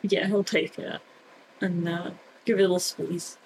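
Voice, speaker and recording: Gravelly-voiced woman playing a tabletop game. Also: on the low side, fairly even intonation, moderate pace, a little mellow, low-quality recording. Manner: laughing, loose and playful. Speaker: tabletop role-play player. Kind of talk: casual role-play narration. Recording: faint background noise.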